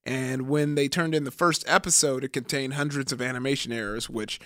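A man's voice: medium pitch, steady tone, brisk, pushed and bright, no echo, studio quality. A man in his thirties co-hosting a podcast, retelling facts in casual chat and laughing often. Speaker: podcast co-host.

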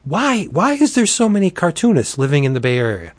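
A man's voice: wildly swooping pitch, a little fast, dry recording. A man putting on the voice of a panicky male cartoonist who rambles and swears in alarm. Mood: puzzled. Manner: frantic, swearing, rising pitch.

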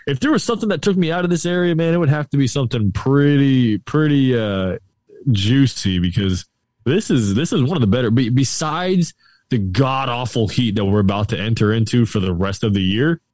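A man's voice: medium pitch, lively intonation, fairly quick, a little mellow, no room sound, clean studio sound. A man from the Tampa Bay area of Florida, hosting a casual podcast chat in a loose, joking way. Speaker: podcast host.

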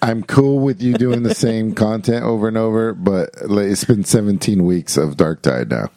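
A man's voice: lowish voice, normal speed, mellow, dry recording. A man co-hosting a casual gaming podcast, teasing his friends and swearing freely. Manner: teasing, profane. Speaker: podcast co-host. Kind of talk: casual chat.

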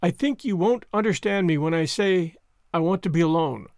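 A man's voice: sits high, moderate pace, a little mellow, no room sound. A man reading the part of an earnest, heartfelt orphan girl in grief, in a dry, close recording. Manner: earnest, tearful pleading.

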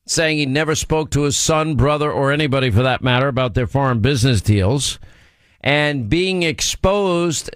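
A man's voice: on the high side, a bit bright, no echo, studio quality. Emphatic man hosting talk radio. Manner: emphatic, digressive, teasing banter. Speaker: radio talk show host. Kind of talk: political talk radio monologue.

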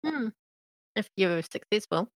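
A woman narrating a tabletop role-playing game as game master, in a slow, measured way. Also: medium pitch, expressive, dry recording.

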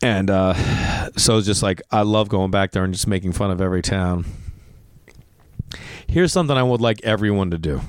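A man's voice: sits low, normal speed, long pauses, smooth, dry recording, studio quality. Rambling Boston man telling stories. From Massachusetts. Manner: rambling, profane, many "like" fillers. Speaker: comedian and podcast host. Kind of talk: casual storytelling. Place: garage.

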